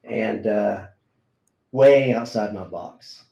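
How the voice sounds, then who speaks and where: A middle-aged man, a martial arts instructor, tells a personal story in a relaxed, halting way, with many fillers and restarts. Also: on the low side, vocal fry. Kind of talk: casual conversational storytelling. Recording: roomy echo.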